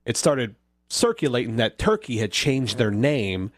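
A man's voice: medium pitch, very animated, measured pace, dry recording, studio quality. A man co-hosting a radio show, telling a story playfully in casual banter. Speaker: radio co-host.

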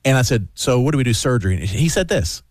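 A man's voice: medium pitch, racing, darkish tone, no echo, clean studio sound. A middle-aged man hosting a radio show who tells a story in casual chat and acts out other people's lines.

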